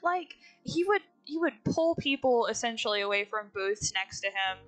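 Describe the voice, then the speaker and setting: Lively giggly woman artist. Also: on the high side, normal speed, faint music behind. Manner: laughs often, blunt and swearing. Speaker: artist streamer. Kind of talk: casual chat while drawing.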